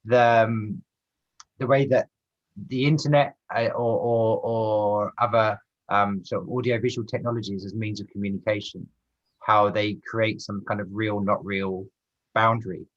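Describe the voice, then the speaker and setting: A man's voice: lowish voice, steady tone, normal speed, lo-fi sound. A man from Britain in a casual podcast discussion, hesitant and searching for words.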